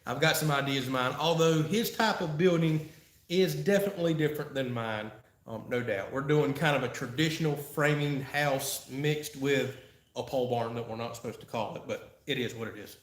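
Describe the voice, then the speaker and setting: A man's voice: mid-range voice, moderate pace. Folksy man, roomy sound. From Florida, USA. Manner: folksy, chatty, laughs often. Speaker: channel host answering live chat. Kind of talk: casual live-stream Q&A. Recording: roomy echo.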